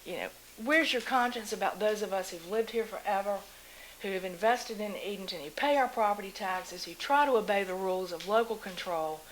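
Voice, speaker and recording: Woman, public comment, council meeting room, impassioned, emotional, mid-pitched voice. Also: fairly quick, slight background noise, rough recording. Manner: impassioned, emotional, rhetorical questions. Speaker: resident giving public comment.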